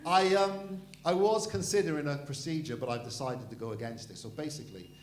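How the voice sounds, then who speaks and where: This middle-aged Welsh comedy host has a mid-range, darkish voice and speaks fairly quickly, very animated. He throws cheeky, crude banter at the crowd in an echoey room.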